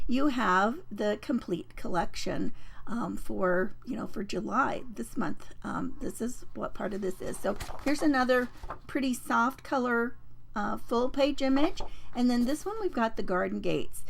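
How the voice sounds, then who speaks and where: A woman hosts a papercraft livestream, chatting casually and rambling with lots of fillers and restarts. Her voice is a bit croaky and on the high side.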